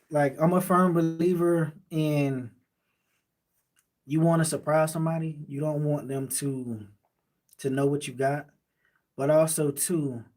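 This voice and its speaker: A Miami man hosts a late-night livestream, reading the chat and responding to viewer comments in a laid-back, rambling manner. His voice is on the high side with a darkish tone, and he carries a Miami accent.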